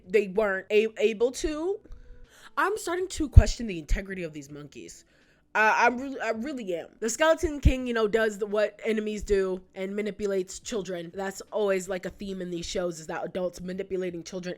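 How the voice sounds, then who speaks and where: Chatty young woman reviewing a cartoon. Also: mid-range voice. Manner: chatty, full of "like" and rhetorical questions. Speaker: YouTube host. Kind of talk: casual retrospective commentary.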